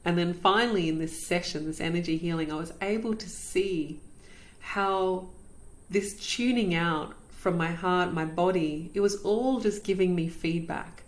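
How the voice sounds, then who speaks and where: A woman's voice: on the low side, unhurried. A woman, host of a podcast, telling her own story in an earnest, reflective way and repeating phrases for emphasis. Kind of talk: personal storytelling.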